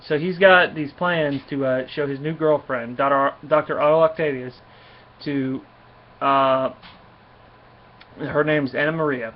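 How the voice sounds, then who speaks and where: A man's voice: fairly high pitch, fairly even intonation, unhurried, pauses often. A man casually reviewing a comic book, rambling along with lots of fillers and restarts. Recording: dull lo-fi recording with faint hiss.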